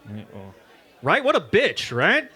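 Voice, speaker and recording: Loud, bright-voiced stand-up comic. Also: male voice, fairly high pitch, huge pitch swings, a little slow, breathy edge. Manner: crude, loud, jokey storytelling. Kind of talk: stand-up comedy set. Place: open mic stage at a bar.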